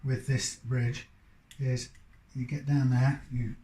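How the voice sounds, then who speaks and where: A guitar technician working at his bench rambles and thinks out loud in casual commentary. He speaks slowly in a flat, medium-pitched voice, and the recording has a roomy workshop echo.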